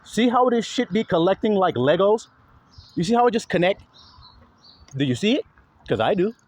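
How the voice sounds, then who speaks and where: A man preaching a sermon, calling out rhetorical questions to his listeners and acting out exaggerated voices. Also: moderate pace. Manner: animated, swings pitch widely, acts out exaggerated voices.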